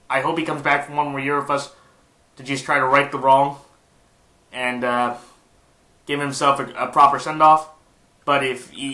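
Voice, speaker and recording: A man's voice: fairly high pitch, pushed and bright. Stuffy-nosed man in an echoey room. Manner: rambling, with frequent fillers and restarts. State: stuffed-up nose. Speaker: sports picks YouTuber. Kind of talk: casual sports prediction monologue.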